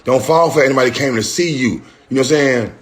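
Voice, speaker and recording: A middle-aged man on a phone livestream, rambling and heated, full of slang and swearing, who jumps into a higher voice when he mocks what others said. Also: fast. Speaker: rapper responding on a livestream. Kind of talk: casual livestream rant.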